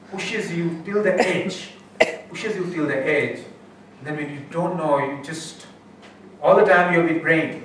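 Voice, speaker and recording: A middle-aged man giving a talk at a spiritual retreat, telling a personal story with animated delivery, frequent laughs and many restarts. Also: a little high, slight background noise. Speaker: guest speaker. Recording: echoey room, mic far off.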